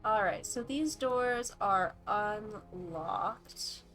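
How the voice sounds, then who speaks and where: A woman running a tabletop game as dungeon master, describing scenes unhurriedly with a few fillers. She speaks slowly at a middling pitch, with faint music in the background. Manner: relaxed, hesitant descriptions with fillers.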